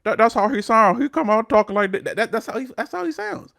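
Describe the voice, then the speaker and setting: A man's voice: sits high, lively intonation, fast, vocal fry, fairly bright tone. A man co-hosting a wrestling podcast, ranting in casual chat and often repeating his words. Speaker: podcast co-host.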